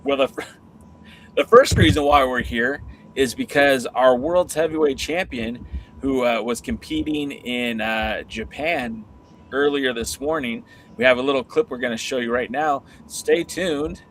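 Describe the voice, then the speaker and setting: A man's voice: mid-range voice, measured pace, fairly bright tone, slight background noise. A man hosting a casual wrestling podcast, chatting easily while he fumbles with clips. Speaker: podcast host.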